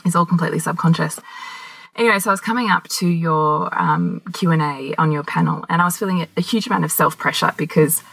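A woman co-hosting a podcast, talking candidly and telling animated stories with laughter and the odd swear word. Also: low-pitched, fast talker, creaky, breathy edge, no echo, poor audio. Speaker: podcast co-host. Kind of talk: casual conversation.

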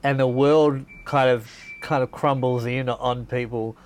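A man's voice: medium pitch, fairly even intonation, unhurried. Laid back podcast guy musing, wry, slight hiss behind him. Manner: easygoing, musing, wry asides. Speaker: podcast co-host. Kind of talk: casual chat.

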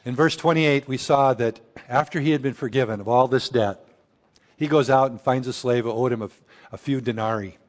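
A man preaching an earnest sermon, often dropping his voice low and slow for quoted prayers. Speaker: pastor.

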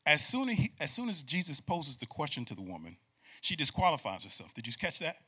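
A man preaching a sermon, moving from quiet talk to shouted, repetitive calls to the congregation. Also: a little high, huge pitch swings, brisk, slightly rough. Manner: builds from quiet to shouting, repeats words.

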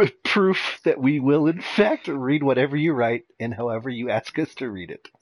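A man's voice: medium pitch, normal speed, breathy edge, dry recording. A man hosting a casual gaming podcast, chatty and laughing often, with a slight lisp. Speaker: podcast host.

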